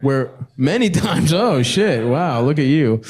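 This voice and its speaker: A man's voice: a little high, expressive, unhurried. A male stand-up comedian from the US doing crowd work before a live audience, teasing people with profane jokes and laughing through his lines. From United States. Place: music venue stage before a live audience. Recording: echoey club room with loud crowd noise.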